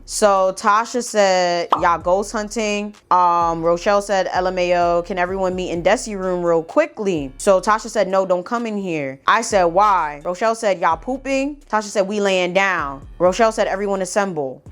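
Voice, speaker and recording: A woman tells a storytime to her vlog camera in a loose, chatty way. She swears freely and acts out every text and quote, her voice swinging up high whenever she voices her friends. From United States. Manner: animated and profane, reenacts texts and dialogue with big pitch jumps. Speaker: storytime vlogger.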